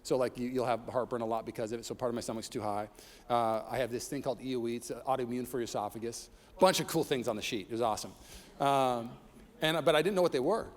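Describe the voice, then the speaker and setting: A man's voice: medium pitch, fast talker. A man preaching a sermon as pastor, reading scripture and telling personal stories with humor and rising intensity. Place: church sanctuary. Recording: long reverb of a large hall.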